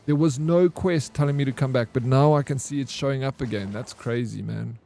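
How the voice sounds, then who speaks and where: A man's voice: medium pitch, fairly quick, creaky, dark tone, slight background noise. A young man, chatting loosely and rambling to himself as he streams a game, swearing now and then. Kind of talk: casual live gameplay commentary.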